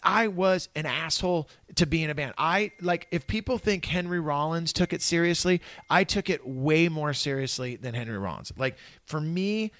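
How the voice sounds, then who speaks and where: A middle-aged man from Northern California spins animated stories as a podcast guest, peppered with swearing and acted-out dialogue. His voice sits a little high and is recorded dry and close. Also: normal speed, few pauses, no echo. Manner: animated, profane, acts out quoted dialogue. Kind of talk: casual storytelling conversation.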